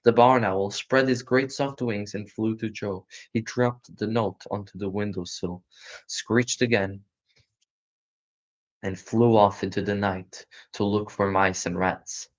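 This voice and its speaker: A man giving a live reading of a children's storybook in a calm, steady voice. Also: on the low side, a little slow. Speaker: storybook reader. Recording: muffled lo-fi recording.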